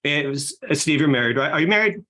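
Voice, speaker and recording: A man guest on a podcast, talking fast and with energy about leading a sales team, often acting out how clients talk. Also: fairly high pitch, expressive, bright, forceful tone. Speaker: real estate team leader guest.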